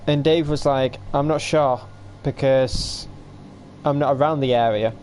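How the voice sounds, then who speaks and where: A man's voice: medium pitch, fairly even intonation, unhurried, a little mellow, a little hiss or hum. A man telling a rambling story on a livestream, quoting others, yawning and hiccupping. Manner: rambling, quotes others with "I was like". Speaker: livestream host.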